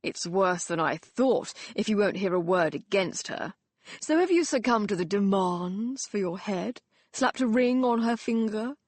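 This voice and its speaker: Woman playing a loud, slurring drunk gentleman. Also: medium pitch, animated, unhurried, no echo. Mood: mocking. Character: drunken, mocking young Victorian gentleman.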